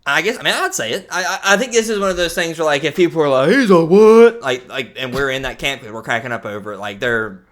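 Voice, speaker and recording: A man's voice: mid-range voice, quick pace, hardly any pauses, sharp tone. A young man co-hosting a casual podcast, teasing his friend and giggling. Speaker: podcast co-host. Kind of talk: casual chat.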